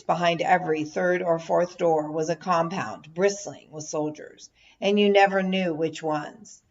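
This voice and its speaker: Lady reading her memoir out loud, lowish voice, steady pace, kinda dull recording. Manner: measured storytelling, lifts into quoted shouts. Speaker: audiobook narrator. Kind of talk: first-person memoir narration. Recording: dull lo-fi audio.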